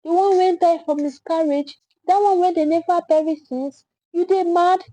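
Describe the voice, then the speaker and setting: A woman putting on a loud Pidgin-speaking bystander. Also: extremely high pitch, steady tone, normal speed, no echo, voice pushed up, low-quality recording. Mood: accusing. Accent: Nigerian Pidgin. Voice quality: loud, confrontational. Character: angry accusing hospital bystander.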